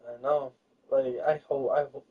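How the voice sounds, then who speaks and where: A man's voice: medium pitch, little pitch movement, a little slow, husky, far from the mic. A man talks casually, rambling and hesitant, stacking fillers and starting sentences over. He sits back from the mic, and the recording sounds dull and lo-fi. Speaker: storyteller. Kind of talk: casual chat.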